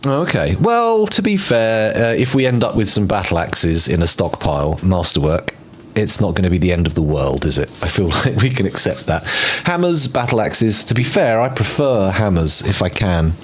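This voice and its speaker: Low-voiced man rambling through gameplay. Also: very animated, moderate pace, husky. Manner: rambling, playful, mutters to himself while planning. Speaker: streamer. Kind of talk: casual gameplay commentary. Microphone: desk microphone.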